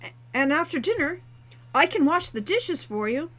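A woman's voice: high-pitched, big pitch swings, moderate pace, a bit bright, pitched above the performer's own voice. A woman voicing an earnest young male orphan training to be a hero, eager and pleading, with frequent stammers.

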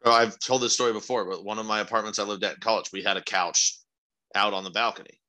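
A young man co-hosting a podcast, telling rambling, profane stories in casual chat with sudden excited jumps in pitch. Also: fast talker. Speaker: podcast co-host.

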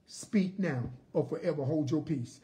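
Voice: medium pitch, a little slow, warm tone. A Bible study teacher preaching emphatically, repeating key phrases, asking rhetorical questions and drawing words out for stress.

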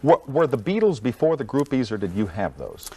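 A man hosting a late-night television interview, asking deliberate, probing questions with a dry wit. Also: mid-range voice, very animated, mellow. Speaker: talk show host. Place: television studio set.

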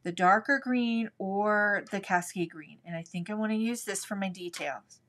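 A middle-aged woman leads a live art lesson, talking through each brushstroke in a relaxed, chatty way. She thinks out loud and answers viewers as she paints. Her voice sits at an ordinary middle pitch. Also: moderate pace. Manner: chatty, thinks aloud while working. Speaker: art instructor.

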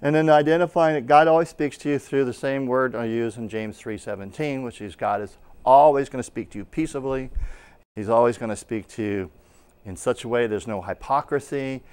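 A man's voice: mid-range voice, a little fast, darkish tone, clean tone. A middle-aged man, a pastor, teaching in a conversational sermon style and acting out little anecdotes. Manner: conversational preaching with acted-out anecdotes. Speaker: pastor teaching at a Bible school.

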